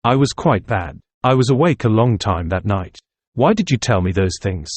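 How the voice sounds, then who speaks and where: A man's voice: lowish voice, big pitch swings, moderate pace, no room sound. A man voicing a simple, earnest young male student nationalist who talks in a plain, homely way, in an audiobook reading. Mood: troubled.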